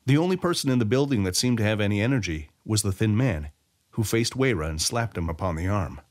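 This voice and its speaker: A man narrating a fantasy short story as an audiobook reader, in an expressive storytelling way. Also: fairly low pitch, fast.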